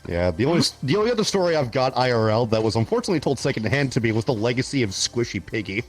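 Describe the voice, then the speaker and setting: A young man co-hosting a podcast, telling a story in a casual, animated way, laughing often and swearing freely. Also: mid-range voice, rapid-fire, faint music behind. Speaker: podcast co-host.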